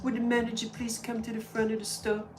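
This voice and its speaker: A woman's voice: fairly high pitch, fast talker, voice pushed up, lightly acted. Woman doing a mousy store clerk on the intercom. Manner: soft, flat intercom announcement. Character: mousy young female store clerk paging.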